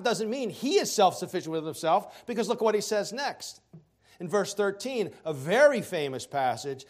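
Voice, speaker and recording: High-voiced animated male preacher. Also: moderate pace. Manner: animated preaching, swings from loud emphasis to quiet asides; joking asides. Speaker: pastor. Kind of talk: sermon.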